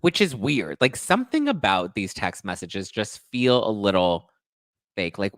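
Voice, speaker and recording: A man's voice: on the low side, sing-song, a little slow, fairly bright tone, no room sound. A man hosting a reality TV gossip show, reading text messages aloud and adding sassy, sarcastic asides. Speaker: pop culture podcast host.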